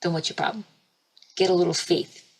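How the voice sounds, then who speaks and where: A woman's voice: on the low side, fairly even intonation, brisk, creaky, rough recording. Woman voicing a patient, teasing divine man. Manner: dry, patient and gently teasing. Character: calm, patient divine man gently questioning.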